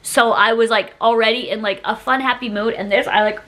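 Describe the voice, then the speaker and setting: Bubbly woman in her thirties, bright voice. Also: fairly high pitch, fairly even intonation. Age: 30s. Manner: bubbly, gushing, fast chatter. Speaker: vlogger. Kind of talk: casual haul vlog.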